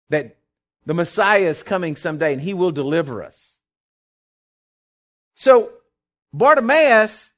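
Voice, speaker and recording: With a high-pitched voice, this male pastor delivers an animated sermon full of loud bursts and folksy jokes on the side. He also throws call-and-response questions out to the congregation.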